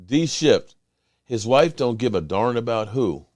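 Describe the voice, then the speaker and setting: A man hosts a casual sports podcast in a medium-pitched, unhurried voice whose intonation swings widely as he makes his points. He's animated and emphatic, often restarting mid-sentence, and the sound is dry and close with little room echo.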